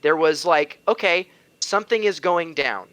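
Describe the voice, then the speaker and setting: A man's voice: a little high, normal speed, a bit bright, no echo. A man on a casual podcast, arguing his points at length and riffing playfully with the others. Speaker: regular co-host.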